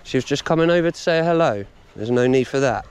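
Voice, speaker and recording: A man's voice: medium pitch, expressive, fast, darkish tone, slight background noise. A middle-aged British man, a dog trainer vlogging outdoors on a walk, blunt and lecturing in his casual advice. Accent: British English. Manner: blunt, lecturing, plain-spoken. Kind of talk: casual instructional monologue.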